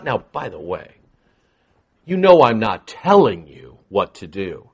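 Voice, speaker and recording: A man preaching a sermon to a congregation, emphatic, swinging between quiet asides and loud proclamation. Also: a little high, wildly swooping pitch, slow, slight background noise. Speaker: pastor.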